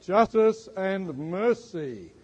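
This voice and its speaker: A man's voice: high voice, lively intonation, extremely slow, a little mellow, husky, muffled recording. A man preaching a sermon and teaching, quizzing his listeners and stressing words emphatically. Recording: long hall reverb.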